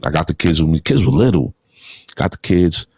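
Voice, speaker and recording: A middle-aged man with a bass voice, brisk, creaky, and slightly rough, hosts a casual call-in chat on a dry recording. He tells animated stories, laughing often and swearing freely.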